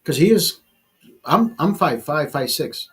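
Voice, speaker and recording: A man's voice: a little high, expressive, a little slow, breathy edge, soft background music. A man of fifty ranting in a casual monologue, blunt and profane, often restarting and repeating his words. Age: 50s. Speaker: vlogger.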